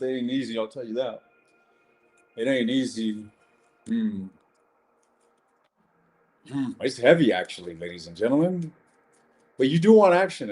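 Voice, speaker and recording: A man's voice: mid-range voice, darkish tone. A man giving a casual live-stream tarot reading, blunt and chatty, swearing and calling viewers ladies and gents.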